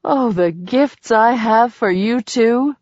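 A woman's voice: fairly high pitch, slow, darkish tone, no echo, voice pushed up. A woman voicing a doting goddess mother who plays innocent, in a slightly muffled recording. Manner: teary then coy and innocent.

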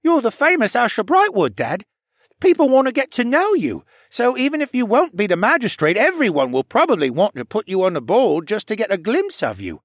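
A man voicing an excitable, cheeky teenage boy in an audiobook. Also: high-pitched, fairly quick, no room sound, studio quality, voice pushed up, heavily acted. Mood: eager. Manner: excitable, whiny when pinned.

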